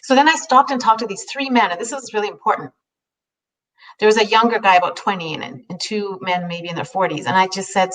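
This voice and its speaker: A woman telling a heartfelt personal story in a halting way, often restarting her sentences. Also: medium pitch, lively intonation, a bit bright, distant mic, rough recording. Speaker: host.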